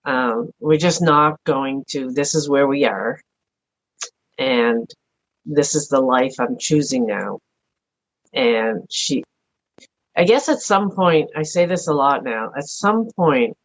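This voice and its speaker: A middle-aged woman speaking earnestly and softly as a podcast guest, thinking aloud in a reflective personal conversation. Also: extremely low pitch. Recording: dull lo-fi audio.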